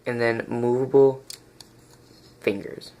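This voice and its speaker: A man's voice: medium pitch, steady tone, takes it slowly, dark tone. A man giving a casual, rambling toy review recorded on a phone, often stopping to search for the right word and restarting his sentences.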